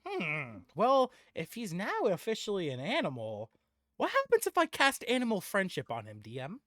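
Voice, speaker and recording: A man playing a tabletop game over voice chat, excitable, swearing freely and laughing often. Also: high-pitched, moderate pace, dry recording, studio quality. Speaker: player.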